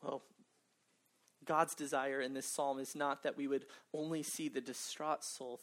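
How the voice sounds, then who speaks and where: A woman's voice: deep voice, slow pace. A woman preaching a sermon, earnest and emphatic, with humorous asides.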